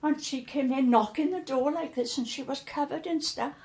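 Older woman, interviewee, fairly high voice, rambling fond anecdotes. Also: moderate pace, a little mellow, reverberant. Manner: chatty, laughing, repeats words as she recalls. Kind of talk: casual storytelling.

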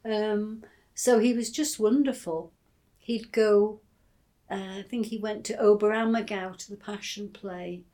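Mellow and steady, a mid-range voice at a measured pace belongs to an older woman from England recounting her early years in an oral history interview. She's hesitant, often restarting and using fillers, but lovingly tells her tales.

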